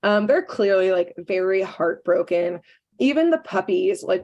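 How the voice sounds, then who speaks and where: A woman co-hosting a podcast recaps a cartoon episode in easy, casual chat. She keeps breaking into quick acted-out quotes of the characters as she goes. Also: medium pitch. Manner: animated storyteller, quotes characters in quick asides.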